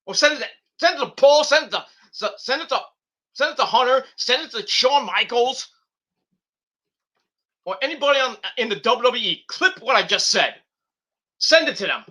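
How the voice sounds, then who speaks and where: A young man hosting a wrestling review channel, ranting hotly and swearing as he goes. His voice sits high and rings very bright and edgy. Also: expressive, moderate pace, pauses often. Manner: profane, heated ranting.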